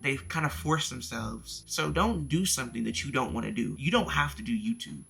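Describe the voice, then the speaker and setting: A man's voice: medium pitch, creaky, pushed and bright. A young man in a casual sit-down vlog, giving channel advice in a chatty way full of "like" fillers and direct tips to viewers. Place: indoors at home, dim room.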